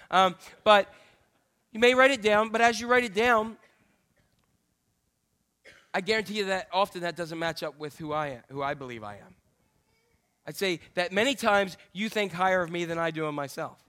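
A middle-aged male pastor preaching a candid, self-deprecating sermon full of jokey asides and sudden high exclamations. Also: normal speed, sharp tone, clear, resonant tone. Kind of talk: humorous conversational sermon.

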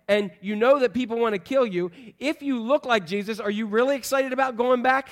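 A man's voice: extremely high pitch, brisk, few pauses. A man preaching a sermon in a chatty, joking way, putting questions to the congregation. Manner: conversational, joking, quizzes the congregation. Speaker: pastor.

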